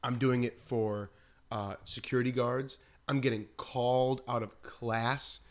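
A man's voice: mid-range voice, a little slow. A man co-hosting a podcast, telling stories casually and animatedly, saying "like" often. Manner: animated, acts out quotes, says "like" often. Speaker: podcast co-host. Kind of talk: casual storytelling chat.

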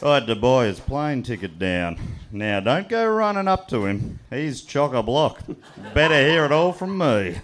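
A man's voice: mid-range voice, very animated, a little slow, fairly bright tone, a little hiss or hum. A man putting on a drawling cocky Aussie ladies' man. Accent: put-on Australian. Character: Barney, Australian 1950s man, cocky ladies' man.

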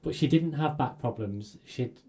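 A man, co-hosting a podcast and telling relaxed stories from a supermarket job. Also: mid-range voice, normal speed, gravelly. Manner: easygoing, laughs through stories. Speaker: podcast co-host. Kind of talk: casual storytelling chat.

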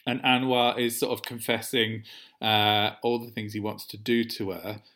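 A man co-hosting a podcast, recapping a TV episode in casual chat, animated and quick to laugh. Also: fairly low pitch. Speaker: podcast co-host.

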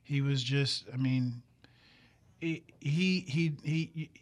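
A man's voice: medium pitch, takes it slowly. A middle-aged man from Brooklyn with a Brooklyn accent, telling stories as a guest with real enthusiasm. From Brooklyn, New York. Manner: enthusiastic storyteller. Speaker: guest, television director. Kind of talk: casual studio chat.

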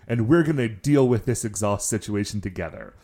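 A man's voice: fairly low pitch, a little fast, mellow. A man in casual podcast chat, recapping a TV show and fondly correcting plot details. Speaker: podcast co-host.

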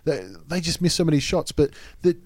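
A man's voice: a little high, fairly even intonation, a little fast, a little mellow, dry recording. Australian man talking football, dry close sound. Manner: laughs often, mimics players in quotes. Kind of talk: casual sports chat.

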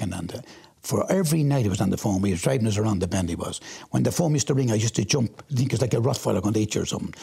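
Gravelly, husky Irish man. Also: on the low side, fast. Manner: storytelling, animated when quoting himself. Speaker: interviewee. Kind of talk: personal testimony.

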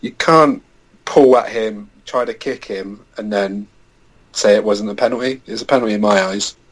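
A man, a guest on a football podcast, giving his opinions in a relaxed, casual way. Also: lowish voice, normal speed, low-quality recording.

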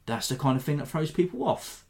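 A man hosting a podcast, giving a rambling, animated breakdown of a fight in a self-deprecating way. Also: on the high side, fairly quick. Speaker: podcast host. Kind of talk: casual fight analysis.

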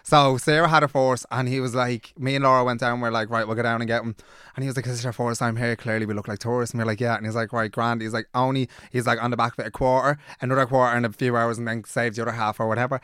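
Speaking fast at medium pitch with a level, slightly bright tone, this young Dublin-accented Irishman co-hosts a podcast. He tells a story casually, swearing heavily and imitating those he quotes, in a clean, dry studio recording.

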